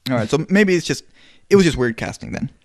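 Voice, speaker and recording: A man in his twenties co-hosting a casual podcast, talking bluntly with some swearing while his voice goes hoarse. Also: fairly high pitch, expressive, quick pace, a little mellow, dry recording, clean studio sound. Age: 20s. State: voice going hoarse. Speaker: podcast co-host. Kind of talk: casual chat.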